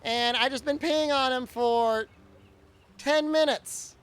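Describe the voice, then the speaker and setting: A man's voice: very high voice, takes it slowly, fairly bright tone, clean tone. A man streaming a game and chatting casually, telling a rambling story full of fillers and restarts. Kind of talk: casual chat during a live game stream.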